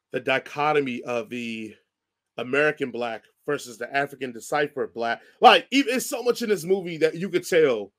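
A man's voice: on the high side, fairly bright tone. A man co-hosting a movie review podcast, enthusiastic and gushing, stumbling over his words in casual chat.

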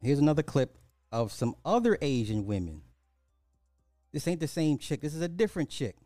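A man's voice: on the high side, big pitch swings, moderate pace, dark tone, no room sound, studio quality, soft background music. A man hosting a social commentary podcast, speaking bluntly and often repeating rhetorical questions. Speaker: podcast host.

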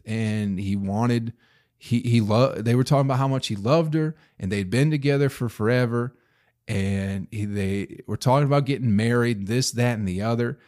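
A man in his thirties hosts a solo podcast in a medium-pitched, darkish voice. He rambles through a story and rants casually, throwing in profanity, rhetorical questions and sudden bursts of emphasis.

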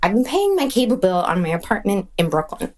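A woman recounting a funny personal anecdote in a wry, animated way. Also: mid-range voice, brisk. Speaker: mother sharing a story. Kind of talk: casual anecdote.

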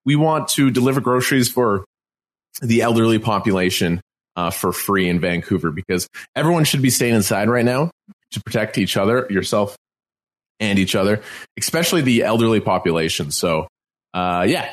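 A man's voice: on the low side, fairly quick. Earnest man reassuring podcast listeners. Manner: earnest, reassuring, repeats himself for emphasis. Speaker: podcast co-host. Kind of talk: casual podcast chat. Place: at home, self-isolating.

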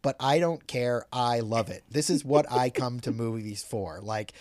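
A man's voice: medium pitch, measured pace, a little mellow, no room sound. A man co-hosting a podcast, chatting casually and a bit profanely as he recaps movie scenes at length. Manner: laid-back, profane, recounts scenes at length. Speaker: podcast co-host.

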